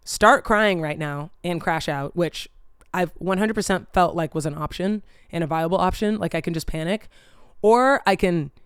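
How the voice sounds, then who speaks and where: A woman hosting her own vlog, telling a story in a casual, animated way, swearing freely and saying "like" a lot. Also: on the low side, clear, resonant tone, no echo, clean studio sound. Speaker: vlog host.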